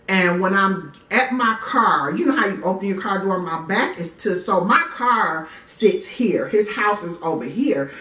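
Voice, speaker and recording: A woman from Detroit, a vlogger telling a personal story in a casual first-person way. She is candid and animated and swears freely. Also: medium pitch. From Detroit, USA. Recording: echoey room, mic at a distance.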